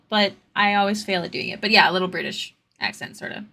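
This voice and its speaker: A woman's voice: mid-range voice, quick pace, bright, forceful tone. A young woman streamer chatting casually with her viewers while she draws, answering their questions in rambling asides.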